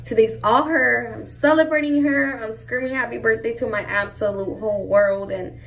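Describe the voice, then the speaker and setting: A young mother talks to her camera in a casual vlog, gushing and emotional as she goes. Her voice carries a gravelly fry. She sits a little back from the microphone. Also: a little high, moderate pace, far from the mic, music in the background. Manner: emotional, gushing, says "y'all" and "like" often. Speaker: mom vlogger.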